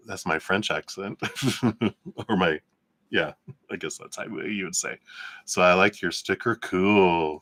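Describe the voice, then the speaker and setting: A man gives a casual live-stream tarot reading in a lowish voice with a bright, forceful edge. He is chatty and laughs often between remarks. The sound is dry and close, with almost no room around it. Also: big pitch swings, unhurried, no room sound.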